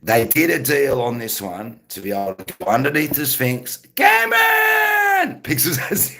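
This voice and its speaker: A man's voice: medium pitch, expressive, normal speed, fairly bright tone. A man, rambling casually to his live-stream chat and greeting viewers by name.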